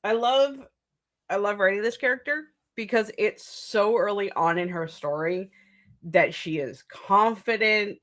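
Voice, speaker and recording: A young woman chats to her viewers during a live writing session, unhurried and meandering. She laughs often and trips over her own sentences, starting them again and again. Her voice sits at an ordinary middle pitch. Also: fairly bright tone. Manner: rambling, laughs often, restarts mid-sentence. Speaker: streamer hosting writing sprints. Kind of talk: casual live-stream chat.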